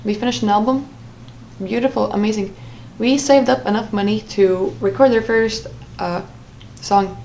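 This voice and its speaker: A woman's voice: medium pitch, moderate pace, darkish tone. Young woman rambling thru a personal story at home, lots of ums and likes, slight hiss. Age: young adult. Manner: rambling with frequent fillers and restarts. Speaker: vlogger. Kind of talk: casual storytime monologue.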